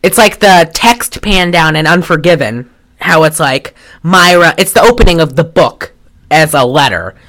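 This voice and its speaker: A woman's voice: sits low, animated, normal speed, fairly bright tone. A woman co-hosting a casual film podcast, rambling with restarts and swearing freely. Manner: rambling, profane, many restarts. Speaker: podcast co-host.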